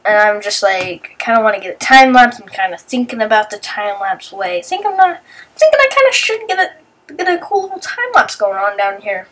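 Picked up on a distant mic, a young woman speaks at a normal speed in a medium, fairly bright voice with big pitch swings. She's just woken up and sounds sleepy as she gives a rambling, chatty voice-over on her vlog clips, describing her friends' antics and acting out what they say.

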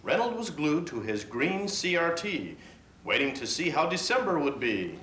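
Lively sing-song male poem reader. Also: on the high side, moderate pace, a little hiss or hum. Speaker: poem reader in a company video. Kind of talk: rhyming poem recitation. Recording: echoey room.

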